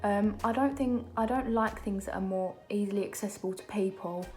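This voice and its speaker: A young woman talks on and on while she does her makeup, full of fillers and side comments. Her voice is mid-pitched and sounds roomy, with light music underneath. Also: fairly quick. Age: young adult. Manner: chatty, rambling, many fillers and asides. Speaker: beauty vlogger. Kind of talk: casual chat while doing makeup. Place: home during lockdown.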